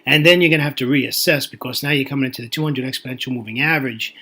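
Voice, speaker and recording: A man's voice: medium pitch, racing, pushed and bright. A man commenting on currency charts in a chatty, folksy way, thinking aloud with fillers and restarts. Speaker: forex market analyst.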